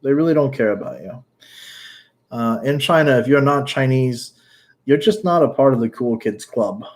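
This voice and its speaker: A man's voice: mid-range voice, animated, moderate pace. Casual guy, blunt and outspoken, mid-range voice, livestream chat host. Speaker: YouTuber answering live chat.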